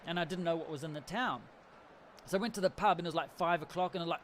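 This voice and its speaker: A man's voice: on the high side, very fast, slight background noise. A man from New Zealand hosting a casual livestream, telling a rambling travel story with frequent laughs. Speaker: livestream host. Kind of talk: casual chat.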